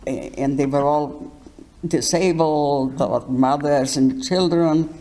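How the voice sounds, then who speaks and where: An older woman giving her life testimony in an interview, speaking haltingly and often restarting words. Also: sits low, steady tone, warm tone. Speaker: Holocaust survivor interviewee.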